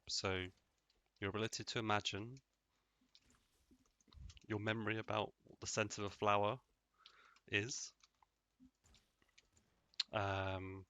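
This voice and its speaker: Let's-play host, man, low voice with a bright edge, rambling and deadpan. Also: no echo. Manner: rambling, jokey, deadpan asides. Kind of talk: casual gameplay commentary.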